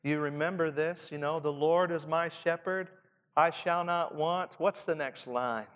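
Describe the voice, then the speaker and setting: A man with a Southern Indiana accent preaching a reflective sermon to pastors, often dropping to a soft hush to stress a point. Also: a little high, fairly even intonation, measured pace. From Southern Indiana, USA. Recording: long hall reverb.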